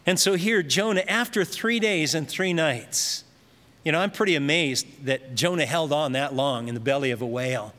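A man's voice: fairly high pitch, moderate pace, pushed and bright. A man preaching a sermon, telling Bible stories and briefly acting out the voices in them. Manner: storytelling preacher, acts out voices in anecdotes. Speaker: pastor. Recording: long hall reverb.

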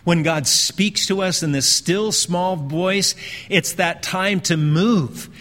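A male pastor preaching a sermon in a conversational way, slowing down and repeating phrases for emphasis. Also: sits high, a bit bright, soft background music. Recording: long hall reverb.

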